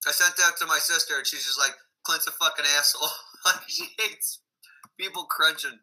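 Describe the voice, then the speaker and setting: Male co-host, very bright voice, teasing, laughs easily. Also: on the high side, moderate pace, low-quality recording. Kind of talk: casual chat.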